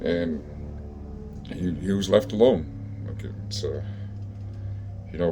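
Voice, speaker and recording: Deep, dark-toned man telling street stories. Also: slight background noise. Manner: profane, laid-back street talk with many fillers. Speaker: storyteller recounting his own past. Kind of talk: casual storytelling.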